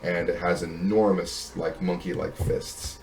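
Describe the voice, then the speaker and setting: Deep-voiced man running a tabletop game. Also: fairly even intonation, vocal fry, a little mellow, faint music behind. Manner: halting, many restarts and fillers. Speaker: game master.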